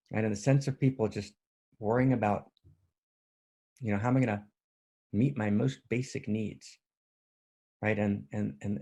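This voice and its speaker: A man's voice: fairly low pitch, vocal fry, mellow, breathy edge. A tired man giving an earnest, livestreamed spiritual talk, often checking in with his listeners. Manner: earnest, repetitive, often asks "right?". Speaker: spiritual teacher.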